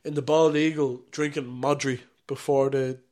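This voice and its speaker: A man's voice: mid-range voice, flat delivery, normal speed, a little mellow, a little hiss or hum. Irish man telling pub stories. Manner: storytelling, laughs often, swears casually. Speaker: podcast co-host. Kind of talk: casual chat.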